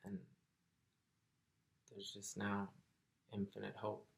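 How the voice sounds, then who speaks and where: Low, gravelly-voiced man telling a story. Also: completely flat delivery, takes it slowly. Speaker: vlogger. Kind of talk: personal storytelling.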